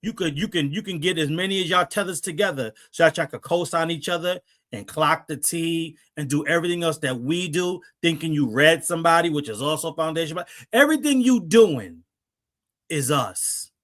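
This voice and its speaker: Guy ranting on a podcast, defiant and preachy, fairly high for a man. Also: animated, normal speed, fairly bright tone. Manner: defiant, preachy, repeats himself for emphasis. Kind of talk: casual commentary.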